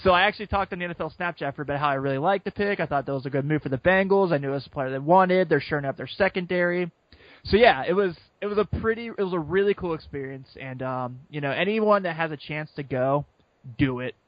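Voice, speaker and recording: A man co-hosting a casual sports podcast, telling an excited story and quoting people as he goes. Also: fairly high pitch, fast talker, dry recording. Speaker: podcast co-host. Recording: muffled lo-fi sound.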